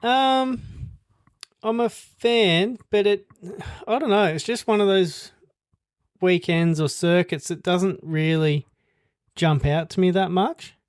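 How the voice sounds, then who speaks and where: A man co-hosting a podcast in casual chat, relaxed and a little hesitant, laughing easily. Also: high-pitched, takes it slowly, smooth, no echo, clean studio sound. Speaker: podcast co-host.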